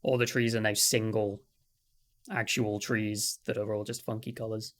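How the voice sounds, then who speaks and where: A man's voice: lowish voice, little pitch movement, moderate pace, a bit bright. A man narrating a tabletop game as game master on a live stream, often laughing and correcting himself.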